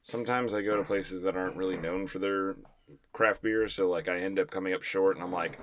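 A man co-hosting a podcast, telling stories in an animated way and acting out his own reactions. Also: sits low, brisk, slight background noise. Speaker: podcast co-host. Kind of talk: casual chat.

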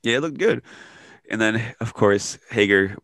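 A man co-hosting a podcast, recapping wrestling in casual chat, excitable and laughing often. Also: fairly low pitch, measured pace, no echo, clean studio sound. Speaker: podcast co-host.

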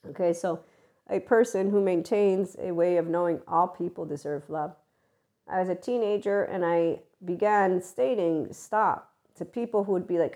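A woman with a slightly low voice talks straight to her listeners in an unscripted monologue. She is blunt and swears freely. She rambles through half-finished sentences and mocks the people she describes. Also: normal speed, warm tone. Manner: blunt, profane, rambling, with many restarts; mocking, acting out voices of others. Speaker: channel host.

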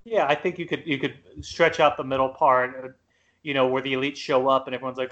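A man's voice: mid-range voice, little pitch movement, brisk, fairly bright tone, highs cut off. A man hosting a podcast in casual chat, playful and joking. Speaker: podcast host.

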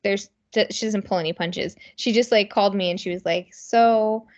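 A woman's voice: medium pitch, steady tone, brisk. Chatty woman telling stories, lo-fi sound. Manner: chatty storyteller, many fillers. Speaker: podcast co-host. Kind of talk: casual chat.

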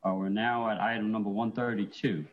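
A fairly low-voiced man chairs a council meeting, moving item by item through motions and objections at a measured, procedural pace. The sound is dull and lo-fi, like remote meeting audio. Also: fairly even intonation. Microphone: remote call-in audio.

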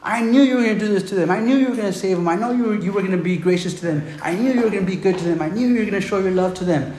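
A man's voice: sits high, racing, a little mellow, pitched above the performer's own voice, close to an everyday voice. A man voicing an exasperated male prophet who gripes to God in a pleading, whiny way. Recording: roomy room, faint background noise.

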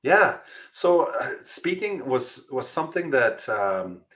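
A middle-aged man, a firefighter and motivational speaker, answering interview questions with animated stories and frequent laughter. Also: medium pitch, takes it slowly. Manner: animated storyteller, laughs often, acts out quoted voices.

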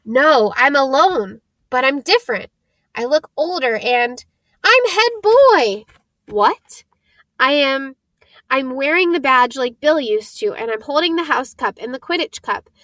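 A woman's voice: high voice, animated, measured pace, a bit bright, no echo, pitched above the performer's own voice. A woman reading the part of an eager, sometimes cross eleven-year-old boy in an audiobook. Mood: boastful. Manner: cross, eager, then boastful.

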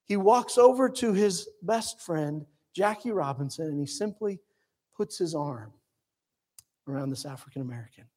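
A man preaching a sermon, telling the story quickly and then dropping to slow, hushed lines. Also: a little high, expressive. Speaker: pastor.

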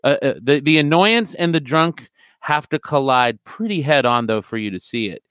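A man's voice: on the high side, moderate pace, smooth, dry recording, clean studio sound. A man talking as a podcast guest in casual chat, profane and rambling as he tells stories. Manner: profane, rambling, animated storyteller.

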